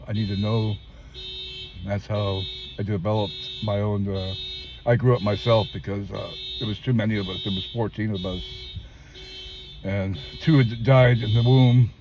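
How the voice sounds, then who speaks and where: An older man giving emphatic personal testimony in a street interview, acting out the people he quotes in his story. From California. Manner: emphatic storyteller who acts out quoted voices, often jumping high. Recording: dull lo-fi sound with faint traffic.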